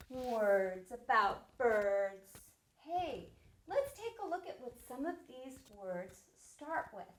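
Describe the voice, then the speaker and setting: A woman with a fairly high, very animated voice leads a lesson for little children, drawing out her words slowly and cheering them on as she sounds out letters. Her voice carries a noticeable echo from the room around her. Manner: slow, sing-song and encouraging, spelling words letter by letter. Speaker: preschool teacher. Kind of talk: early-literacy lesson for young children. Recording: roomy echo.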